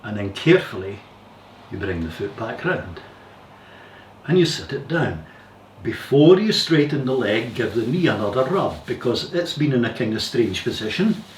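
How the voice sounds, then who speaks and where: A Scottish man with a medium-pitched voice leads a yoga session, guiding each step calmly and carefully and warning again and again to take it slowly. The recording sounds distant and echoey, with a faint hiss.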